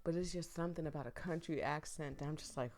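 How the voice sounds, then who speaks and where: A woman's voice: low voice, quick pace, darkish tone. A woman playing a dating game, reading the story aloud and reacting in gushing, giggly asides. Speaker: let's play streamer.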